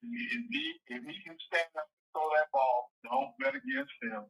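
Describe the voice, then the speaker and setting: A man's voice: extremely high pitch, very animated, moderate pace, vocal fry, highs cut off. A man, hosting a casual sports chat and rambling through stories with many restarts. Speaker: podcast host.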